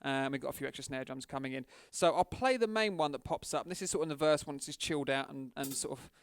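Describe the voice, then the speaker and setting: Casual male drum teacher, counts beats aloud, crisp and dry. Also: medium pitch, fast talker, no room sound. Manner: chatty, counts beats aloud over the kit. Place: drum studio.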